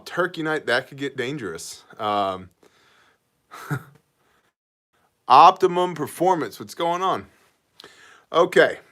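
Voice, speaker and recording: A man hosting a casual livestream, riffing on the chat and calling out viewers by name. His talk is loose and joking, and it turns eager when he asks for donations to a mission. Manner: energetic pitch for mission donations. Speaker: host of a prepper Q&A livestream.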